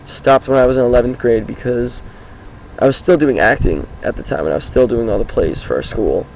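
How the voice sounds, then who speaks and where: A teenage boy talking casually outdoors about his life, with a groggy, hoarse voice and a rambling, upbeat manner. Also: medium pitch, brisk, darkish tone, slight background noise, rough recording. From Washington State, US. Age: teens. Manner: rambling, upbeat, many fillers. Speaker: high school student vlogger. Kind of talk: casual self-introduction vlog. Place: outdoors, sitting on his car.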